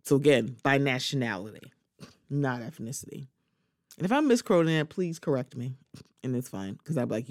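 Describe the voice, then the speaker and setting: A woman's voice: rumbling low, animated, normal speed, darkish tone, dry recording, studio quality. A woman hosting a solo podcast, giving casual, sassy commentary and often acting out other people in quoted voices. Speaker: podcast host.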